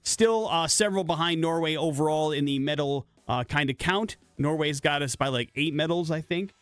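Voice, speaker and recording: A man's voice: on the high side, normal speed, a bit bright, dry recording. A man from the Midwest hosting a morning radio show in a casual, rambling way, full of fillers and restarts. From American Midwest. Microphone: studio microphone.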